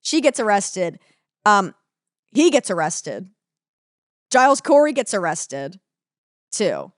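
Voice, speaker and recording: A woman's voice: medium pitch, no echo, clean studio sound. A young woman co-hosting a comedy podcast, recapping a story in casual, swearing chat and acting out lines. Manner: swearing, animated, acts out characters in quick voices. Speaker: podcast co-host.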